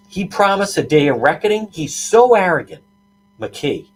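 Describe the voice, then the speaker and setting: A man's voice: on the high side, expressive, a little slow. Indignant man ranting. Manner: indignant, ranting, sarcastic, with repeated restarts. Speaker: talk show host. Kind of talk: heated political commentary.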